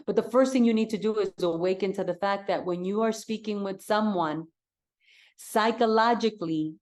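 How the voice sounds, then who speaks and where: A woman's voice: medium pitch, darkish tone. A woman real estate coach giving an enthusiastic, direct talk and repeating her key points for emphasis.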